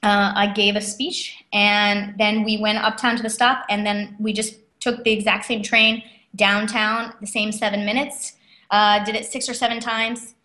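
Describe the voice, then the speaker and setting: A woman telling stories as an interview guest, lively and quick with lots of fillers. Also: medium pitch. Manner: animated, quick, many fillers and acted quotes. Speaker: guest, author and speaker. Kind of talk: casual interview storytelling. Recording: echoey room.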